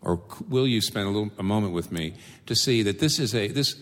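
A man's voice: fairly low pitch, a little fast, big-room sound. A male preacher giving a sermon, asking rhetorical questions and repeating phrases for emphasis.

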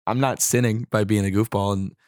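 A man's voice: fairly low pitch, fairly even intonation, fairly quick, a little mellow, dry recording, studio quality. A young man in his twenties, a podcast guest chatting casually, with lots of "like" and "um" fillers. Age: 20s. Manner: rambling, heavy on fillers like "like" and "um". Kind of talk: casual chat.

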